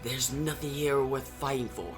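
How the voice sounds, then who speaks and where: A man voicing a dark, menacing sorceress in a low, cold, quiet tone. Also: steady tone, moderate pace, soft background music, natural voice.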